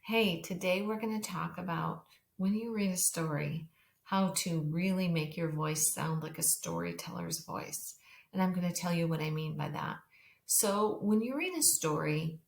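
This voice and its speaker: A woman teacher explains reading aloud to young children in a patient, direct way. Her voice sits a little low and rings in a roomy echo. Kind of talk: recorded reading lesson for children.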